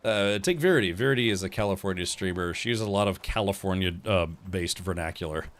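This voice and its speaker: A man's voice: sits low, fast talker, fairly bright tone. A man hosting a let's play stream, chatty and easily distracted while he plays. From United States. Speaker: streamer host.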